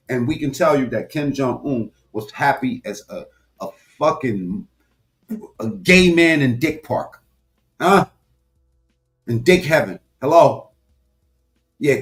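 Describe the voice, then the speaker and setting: Guy ranting on camera, cussing a lot, gets loud then drops low, talks right at his viewers. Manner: animated, loud swings, heavy swearing, talks to viewers directly. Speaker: political commentary vlogger. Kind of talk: profane ranting commentary.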